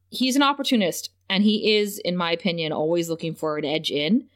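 A woman's voice: fairly low pitch, brisk, hardly any pauses, fairly bright tone. A woman co-hosting a casual podcast, walking through an episode scene by scene. She laughs easily and throws herself into quoting characters with exaggerated voices. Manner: laughing often, acting out lines in playful voices. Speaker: podcast co-host. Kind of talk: casual chat recapping a TV episode.

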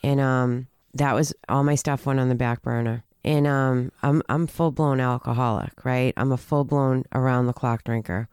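A woman telling a personal story in a halting, earnest way, with many restarts and fillers. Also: rumbling low, fairly even intonation, a little mellow, clean tone, no room sound, clean studio sound. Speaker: guest telling her recovery story.

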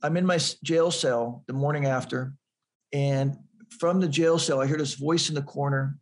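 A man's voice: mid-range voice, steady tone, moderate pace. A man in an interview telling a personal story earnestly, often repeating words as he builds toward the point. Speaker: guest.

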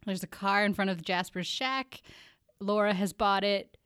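Woman co-host, mid-pitched, giggly casual recapper, dry close-miked sound. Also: a little slow, fairly bright tone, smooth, dry recording. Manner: laughs often between remarks. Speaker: podcast co-host.

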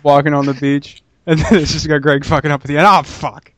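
A man hosting a podcast with loose, excitable banter and plenty of swearing. His voice sits a little high for a man. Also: fast talker. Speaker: podcast host.

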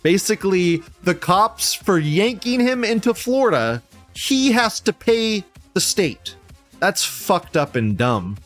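A man's voice: high-pitched, big pitch swings, takes it slowly, faint music behind. A man hosting a news commentary show in a casual, profane, mocking rant, laughing often.

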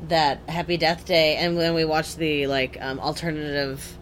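A woman co-hosting a podcast in casual chat, mostly reacting with short replies and quick asides. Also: deep voice, little pitch movement, slight background noise. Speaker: podcast co-host.

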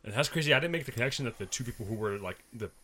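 A man's voice: mid-range voice, lively intonation, rapid-fire, pushed and bright. A man in casual conversation, mostly reacting with short quips and laughter. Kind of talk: casual chat.

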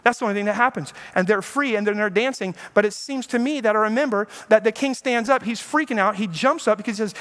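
High-voiced animated male preacher. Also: a little fast, few pauses. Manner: animated storytelling preacher who acts out quotes. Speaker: pastor. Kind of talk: sermon.

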